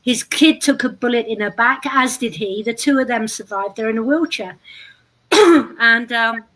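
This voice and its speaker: A woman's voice: on the high side, moderate pace, a bit bright, rough recording. A British woman speaking as a guest at a live event, blunt and darkly humorous with a dry delivery. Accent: British English. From Britain. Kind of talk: interview on stage. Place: live event before an audience.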